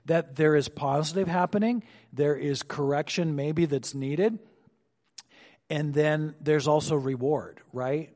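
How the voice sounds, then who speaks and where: A male pastor preaching an expository sermon, slowing down to stress points and dropping his voice on asides. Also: a little mellow. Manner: expository, slows for emphasis, drops low on asides. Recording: long hall reverb.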